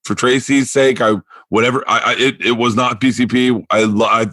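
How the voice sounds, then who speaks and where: Animated male comedian telling stories. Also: mid-range voice, moderate pace, no echo. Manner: animated, frequent restarts and acted-out quotes. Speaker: comedian guest. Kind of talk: casual storytelling.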